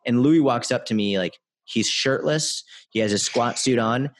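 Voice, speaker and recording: A young man telling a story as a podcast guest in casual chat, animated and full of "like" fillers. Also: medium pitch, normal speed.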